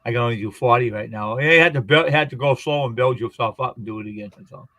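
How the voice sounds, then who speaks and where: A man spinning long, wandering stories in a loose conversational way. His voice sits at an ordinary middle pitch. The sound is close and dry, with no room around it. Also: fast talker, sharp tone, no echo. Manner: rambling anecdotal storyteller. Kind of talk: casual chat.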